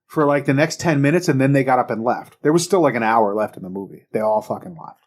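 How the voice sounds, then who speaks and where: A man's voice: mid-range voice, lively intonation, fast talker. A man co-hosting a casual pop-culture podcast, telling stories and joking around. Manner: jokey storyteller, does goofy impressions. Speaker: podcast co-host. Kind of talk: casual chat.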